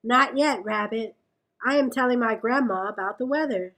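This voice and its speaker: A woman reading a storybook aloud, voicing a calm, easygoing young pig in an even, unhurried way. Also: fairly high pitch.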